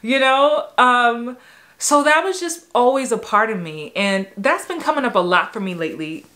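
A woman in her forties from New York, an acting coach, telling personal stories in a lively way, laughing and acting out voices from her memories. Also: on the high side, moderate pace. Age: 40s. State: a little emotional. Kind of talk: personal storytelling vlog.

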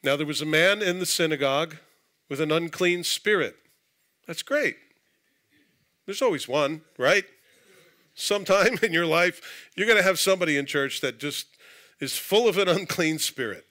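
A man preaching to his congregation in a church, his voice bright and forceful. He reads scripture and then breaks into casual, joking asides. His delivery stays conversational throughout. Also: fairly high pitch, lively intonation, normal speed, pauses often. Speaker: pastor. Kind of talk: sermon. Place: church sanctuary.

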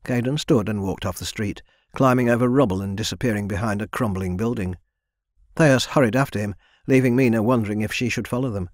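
A male narrator with a lowish voice reads a fantasy audiobook in an even, measured way. The recording is close and dry. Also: dry recording. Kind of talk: scripted narration.

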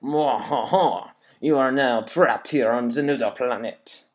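A scheming evil villain gloats over his captive in a mock French accent, as a man puts him on. The voice is loud and theatrical, pitched in a middle register, with a cackling, showy menace. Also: measured pace, natural voice. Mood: gloating. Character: gloating evil male villain writing notes. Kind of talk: reading a note aloud in a put-on voice.

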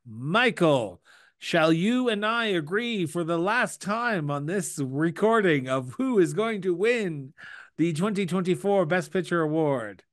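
A Canadian man co-hosting a podcast, talking in a dry, teasing way with mock indignation. His voice sits a little high and is recorded close and dry, with no room sound. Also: lively intonation, unhurried, dry recording. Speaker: podcast co-host. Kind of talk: casual chat.

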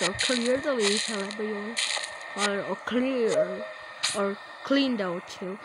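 A woman giving casual, excitable commentary while playing an online game, laughing and shouting as things happen. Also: mid-range voice, slow, very noisy. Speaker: gaming channel creator.

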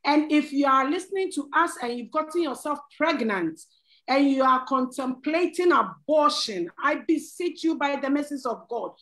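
Woman guest, middle-aged, slightly high voice, earnest pleading testimony with laughs. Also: expressive, normal speed, fairly bright tone, poor audio. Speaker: panel guest. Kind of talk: church talk show sharing testimony.

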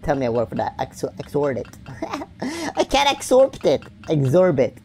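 A woman's voice: low voice, sing-song, moderate pace, darkish tone. A woman giving playful game commentary, goofy and rambling, making up silly words and breaking into sing-song wordplay. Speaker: gaming video creator.

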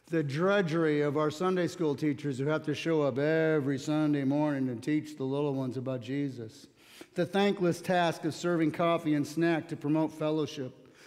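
A male pastor speaks at normal speed in a slightly high, darkish voice with fairly even intonation. He reads scripture and preaches, telling stories plainly with mild humor, and the church sanctuary adds long hall reverb.

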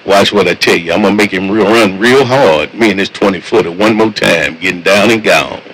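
Deep laid-back trucker on CB radio. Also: male voice, steady tone, quick pace, noisy background. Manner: laid-back, slangy, repeats catchphrases. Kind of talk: casual CB radio chat.

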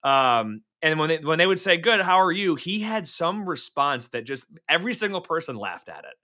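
Bright-voiced chatty man. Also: a little high, big pitch swings, moderate pace. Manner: chatty, self-correcting, joking asides. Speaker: podcast co-host. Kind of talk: casual chat.

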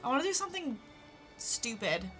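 A woman's voice: a little high, sing-song, normal speed, sharp tone, soft background music. A woman from Texas chatting casually with her live-stream chat while playing a farming game, giggling often.

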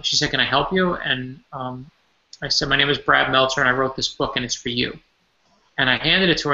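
A man's voice: mid-range voice, creaky, pushed and bright. A man, an author appearing as a guest from his home office over a remote call, telling personal stories earnestly, with stumbling restarts. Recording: echoey lo-fi remote audio.

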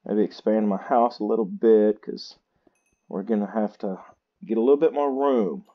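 A tired man, chatting slowly and poking fun at himself while he plays a game. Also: on the low side, highs cut off. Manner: slow, chatty and self-mocking. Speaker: gaming channel host. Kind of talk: casual gameplay commentary.

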